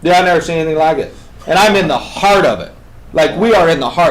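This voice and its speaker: Animated man telling a story. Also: a little high, fast talker, rough recording. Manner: animated, swings between loud emphatic bursts and hushed intense passages. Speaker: guest on a talk show. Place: radio studio.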